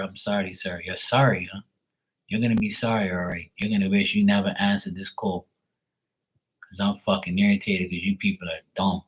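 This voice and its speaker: A man's voice: on the low side, slightly rough, rough recording. A man hosting a live tarot stream, ranting at length in a casual, irritated and profane way while chatting with viewers. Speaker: livestream tarot reader. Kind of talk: casual livestream rant.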